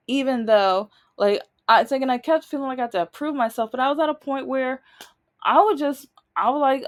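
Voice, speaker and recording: Higher-voiced woman telling a rambling story. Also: brisk. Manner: rambling, emphatic, trails off and restarts. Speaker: vlogger. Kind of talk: casual storytelling monologue.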